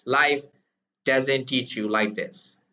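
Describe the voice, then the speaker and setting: A man's voice: medium pitch, slow pace, bright, forceful tone. A man voicing a shrewd older male boss patiently lecturing a boy. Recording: distant, dull lo-fi recording.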